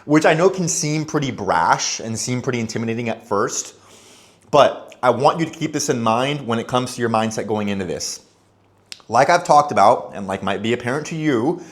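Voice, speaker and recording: Chatty young man giving casual advice. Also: mid-range voice. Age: young adult. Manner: chatty, loose and conversational, acts out little dialogues. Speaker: expat vlogger.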